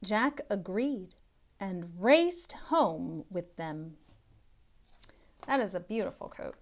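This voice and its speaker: Lady tutor reading a kids' book out loud, super slow, really animated, sometimes whispers. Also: medium pitch. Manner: slow, expressive, with soft whispered asides. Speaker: literacy tutor. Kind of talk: children's storybook read-aloud.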